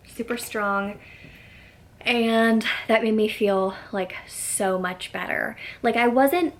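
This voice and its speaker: Young woman vlogging, gravelly fry in her voice, lots of "like", chill storytelling. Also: medium pitch. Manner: chatty, says "like" often, quotes herself in soft whispers. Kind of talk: casual storytelling to camera.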